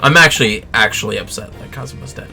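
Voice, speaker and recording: A woman streaming a game, excitable, swearing and laughing as she reacts. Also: extremely low pitch, fast, creaky, faint music behind. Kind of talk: casual let's-play chat.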